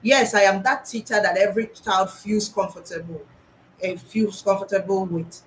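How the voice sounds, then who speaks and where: A woman's voice: mid-range voice, fairly even intonation, normal speed, a little hiss or hum, low-quality recording. A woman school psychologist, talking earnestly to teachers about classroom practice, often restarting and repeating her points.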